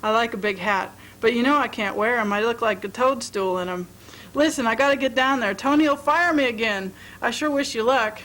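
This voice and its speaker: Brief: a woman reading as an easygoing young waitress, folksy and chatty, fairly high voice. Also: a little fast, fairly bright tone, close to an everyday voice, rough recording.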